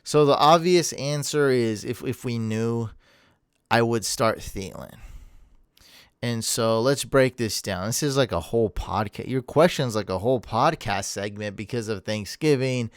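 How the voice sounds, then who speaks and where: Casting: man, podcast host, energetic, rambling, smooth voice, dry close sound. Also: medium pitch, a little slow, no echo. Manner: energetic, rambling, laughs at himself. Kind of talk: casual chat.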